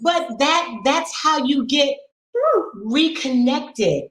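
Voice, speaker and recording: A middle-aged woman speaking as a podcast guest and sex educator, frank and animated, coaching listeners with a string of rhetorical questions. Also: high voice, slow pace, roomy sound, poor audio. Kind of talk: podcast conversation.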